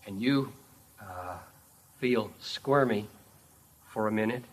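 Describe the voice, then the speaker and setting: A man preaching a sermon, telling a vivid story with emphatic, measured delivery. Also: on the low side.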